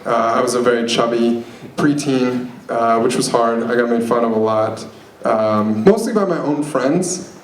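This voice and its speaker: A man's voice: medium pitch, unhurried. A young man performing a stand-up set at an open mic, rambling and self-deprecating with lots of fillers. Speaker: stand-up comic. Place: open mic comedy venue. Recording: echoey room, noisy live venue.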